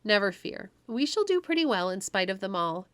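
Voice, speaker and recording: A woman's voice: mid-range voice, very animated, a little fast, fairly bright tone, clear, resonant tone, no room sound. A woman voicing a cheerful, tiny winged fairy with a sweet, coaxing manner in a storybook read-aloud. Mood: gentle.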